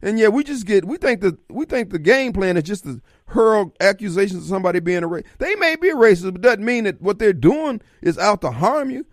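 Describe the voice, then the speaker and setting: A man's voice: high-pitched, very animated, fairly quick, few pauses, dry recording, clean studio sound. A man hosting a call-in talk radio show, blunt and streetwise in his delivery.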